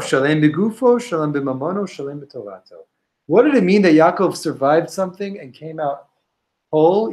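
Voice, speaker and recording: Male Torah teacher, slightly raised pitch, lively storytelling class voice. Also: low-quality recording. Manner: storytelling, animated, many restarts, Hebrew and Aramaic quotes. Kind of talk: informal Talmud class.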